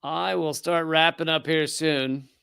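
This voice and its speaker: A man with a Southern US accent hosts a live commentary stream, sardonic and quick, often breaking off and restarting his sentences. His voice sits a little high for a man and sounds smooth and resonant. It is close-miked and dry. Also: steady tone, fairly bright tone, no echo. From Richmond, Virginia, US. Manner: sardonic, rapid and conversational with frequent restarts.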